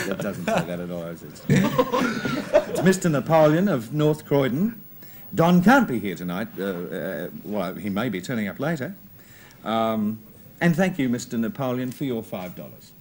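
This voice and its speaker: A man's voice: mid-range voice, very animated, normal speed. An Australian man hosting a live telethon with joking, mock-grand banter. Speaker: telethon host. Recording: noisy 1979 TV broadcast.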